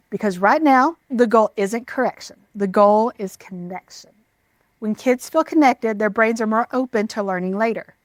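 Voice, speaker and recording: A woman giving scripted parenting advice in a calm, measured, reassuring way. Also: fairly high pitch, dry recording. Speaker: parenting educator.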